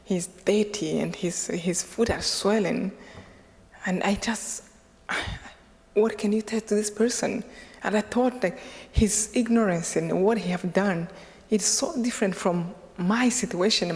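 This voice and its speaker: A middle-aged woman from Rwanda with a Rwandan accent, giving a personal testimony talk in an earnest, slow, reflective way with halting restarts. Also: medium pitch, darkish tone. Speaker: guest speaker. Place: large lecture hall. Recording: long hall reverb.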